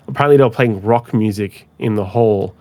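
A man's voice: lowish voice, a little fast, a little mellow, dry recording. A man co-hosting a podcast over a call, chatting casually and rambling with lots of "like". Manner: rambling, heavy use of "like". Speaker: podcast co-host. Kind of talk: casual chat. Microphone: remote call mic.

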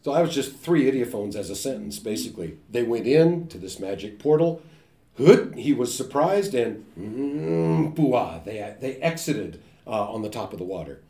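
A man giving a linguistics talk, animated and joking, often imitating sounds and voices. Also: mid-range voice, moderate pace, hardly any pauses. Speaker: linguistics lecturer. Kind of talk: academic talk. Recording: echoey room.

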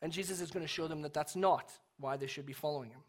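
A young adult man with an English accent, preaching a sermon in a relaxed, conversational, storytelling way with self-deprecating humor. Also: on the high side, quick pace. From England. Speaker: pastor.

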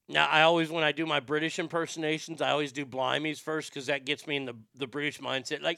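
Comedian guy chatting on a podcast, swears a lot, stumbles and restarts, gravelly bright voice. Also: fairly high pitch, a little fast, hardly any pauses, no room sound, studio quality. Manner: profane, animated, stammering restarts. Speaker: comedian and impressionist guest. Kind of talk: casual podcast chat.

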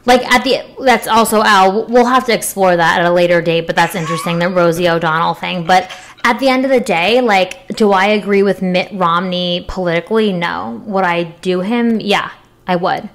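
A woman's voice: fairly low pitch, normal speed. A young woman co-hosting a casual chat show, talking frankly with lots of fillers and jokes. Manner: chatty, filler-heavy, frank and joking.

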